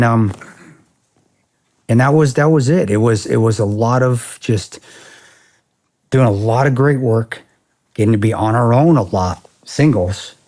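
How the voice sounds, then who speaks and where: A man in his forties tells a story as a podcast guest. His low, husky voice stays blunt and profane, and he keeps acting out what people said. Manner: profane, blunt, animated retelling with quoted dialogue. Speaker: podcast guest, former security contractor. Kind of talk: storytelling in a casual interview.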